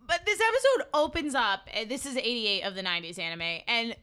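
A woman co-hosting a casual chat, animated and laughing often as she recaps an anime. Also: fairly high pitch, brisk, smooth. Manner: animated, laughs often, quotes characters in put-on voices. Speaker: podcast co-host.

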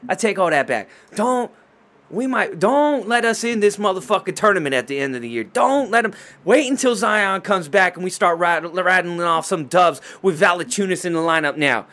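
A man hosting a casual sports show, talking fast and loose with lots of swearing and trash talk. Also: high voice. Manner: profane, excitable trash talk.

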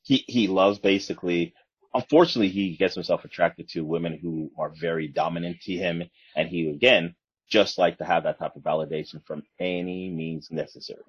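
A man co-hosting a casual podcast, talking in halting bursts and repeating words. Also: sits low, husky, lo-fi sound. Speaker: podcast co-host. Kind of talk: casual chat.

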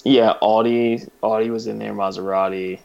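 A man co-hosting a casual podcast chat, animated and rambling, laughing through his asides. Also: fairly low pitch, moderate pace, vocal fry. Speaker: podcast co-host. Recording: muffled lo-fi recording.

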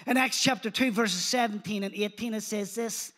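A man preaching a sermon in church, animated and engaging the congregation, retelling scripture in casual speech. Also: high voice, moderate pace, hardly any pauses. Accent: non-local accent.

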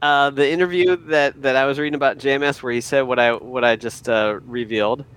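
A man's voice: medium pitch, fairly even intonation, fairly quick, fairly bright tone, clear, resonant tone. A man co-hosting a casual podcast chat, often stammering and repeating words as he thinks aloud. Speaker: podcast co-host.

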